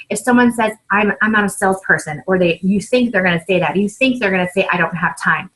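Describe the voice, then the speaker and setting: A woman in her thirties giving an upbeat coaching talk to new sellers, with frequent "right?" and "um", acting out sample sales pitches. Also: a bit bright, rough recording. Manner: upbeat, repeats points with "right?" and "um". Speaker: team leader training new sellers.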